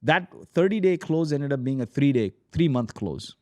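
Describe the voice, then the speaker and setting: A man in his forties, a startup founder telling his story as a podcast guest, animated and acting out quoted dialogue. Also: mid-range voice, normal speed, dry recording, studio quality. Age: 40s. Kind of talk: energetic storytelling.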